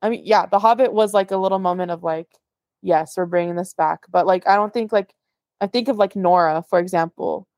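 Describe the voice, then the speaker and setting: A young woman co-hosting a podcast in casual chat, talking quickly through stories with lots of filler words. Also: lowish voice, dry recording, studio quality. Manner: chatty, heavy on fillers, animated retelling. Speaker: podcast co-host.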